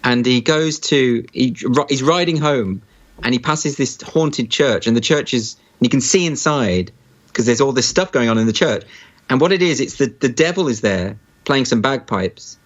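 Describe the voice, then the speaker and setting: A man talking casually as a guest, halting often with fillers and restarts as he explains an idea. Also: medium pitch, lively intonation. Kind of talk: casual conversation. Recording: dull lo-fi sound.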